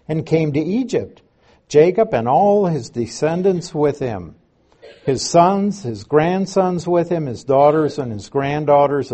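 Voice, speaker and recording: A man giving a Bible lesson in an unhurried, explanatory way, reading scripture aloud and stressing key words, with a few dry asides. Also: on the high side, mellow, slightly rough. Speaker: Bible teacher. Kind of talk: Bible teaching.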